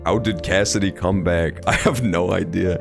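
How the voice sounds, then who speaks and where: A young man streaming a game, reacting loudly and swearing often in casual commentary. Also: low voice, moderate pace, vocal fry, music in the background. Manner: animated, reactive, swears often, loud outbursts. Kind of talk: let's play commentary.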